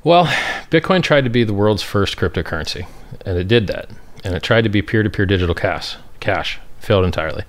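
A man's voice: fairly low pitch, animated, fairly quick, hardly any pauses. A man, a crypto project founder, giving brash, boastful and scornful answers in an interview.

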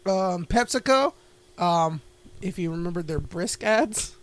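A man's voice: sits high, lively intonation, measured pace, fairly bright tone. A man co-hosting a podcast, chatting casually and rambling, swearing often and laughing a lot. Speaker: podcast co-host. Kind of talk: casual chat.

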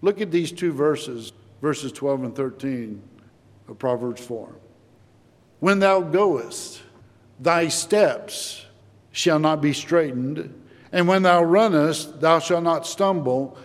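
A male preacher delivers a sermon at an unhurried, deliberate pace, his fairly high voice climbing on emphatic lines. He quotes scripture as he goes. The sound carries a long reverb from the church sanctuary.

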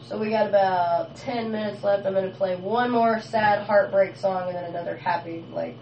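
A woman hosting a radio show in casual on-air chat, blunt and expressive and swearing freely. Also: medium pitch, moderate pace, slight background noise. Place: small radio studio. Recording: echoey distant lo-fi radio studio.

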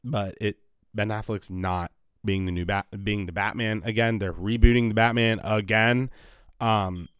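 Sounding somewhat tired, a solo podcast host rambles along with casual profanity and frequent restarts. He speaks unhurriedly in a lowish, steady, clean voice, captured in a dry, clean studio recording.

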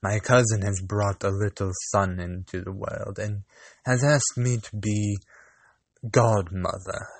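Man reading as a sly greedy cat, cool and unhurried, low voice, dry sound. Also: steady tone, dry recording. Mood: scheming. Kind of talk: storybook reading.

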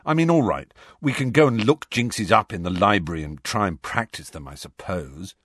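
A glum, grumbling teenage schoolboy , voiced by a man. He sounds defeated and complaining, though his pitch jumps around a lot. Dry, close audiobook sound. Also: expressive, moderate pace, fairly bright tone, slightly rough, no echo. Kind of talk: audiobook character voice.

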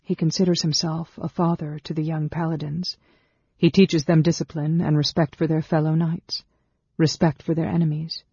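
Mellow, husky audiobook narrator. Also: male voice, a little high, dry recording. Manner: steady, measured reading. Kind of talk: scripted narration. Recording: dull, dry studio sound.

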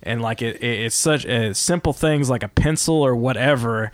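Here a man hosts a podcast, his medium-pitched voice moving at a normal speed with no room sound. The conversation is casual and meandering, packed with filler words and profanity.

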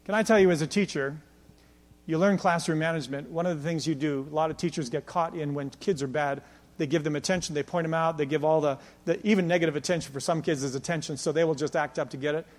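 A middle-aged man preaching a sermon as pastor, emphatic and rhetorical, building to near-shouts at his peaks. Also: on the high side, fast talker. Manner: repeats "can I tell you" rhetorically.

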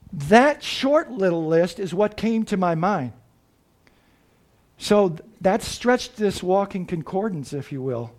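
A man delivers a sermon in a high, light voice. He speaks slowly and earnestly, pausing often and restarting his thoughts as he reflects aloud. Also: a little mellow. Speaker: preacher.

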